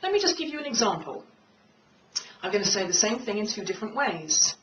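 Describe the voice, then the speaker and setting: A woman speaking coach giving a measured instructional talk, sometimes slowing down to show her points. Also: mid-range voice, very animated, fairly bright tone. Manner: measured, demonstrates slow and fast speech. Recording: slightly distant mic with faint room noise.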